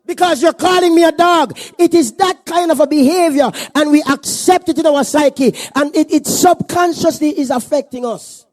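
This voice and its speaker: A man preaching a sermon as pastor at a church service, animated and joking. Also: very high-pitched, moderate pace, few pauses, no room sound.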